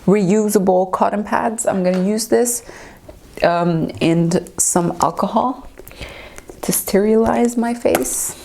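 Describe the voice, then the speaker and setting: Gravelly, slow-talking woman vlogger. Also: medium pitch, dark tone, slight background noise, poor audio. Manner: nervous, candid, complaining of pain. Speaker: beauty vlogger. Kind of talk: casual vlog talk to camera. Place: at home indoors.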